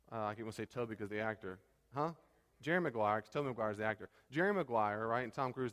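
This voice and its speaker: A pastor teaches a church class in a large hall, speaking in a medium pitch. His delivery is conversational and animated, though he occasionally stumbles over his words.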